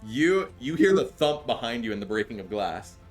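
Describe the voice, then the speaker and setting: A man narrating as game master for a tabletop role-playing game, chatty and low-key, often laughing. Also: sing-song, moderate pace. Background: background music.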